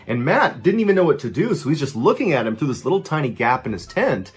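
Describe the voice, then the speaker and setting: A man narrating a true story with suspense, dropping low and quiet and then rising at tense moments. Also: sing-song, fast talker. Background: faint background music.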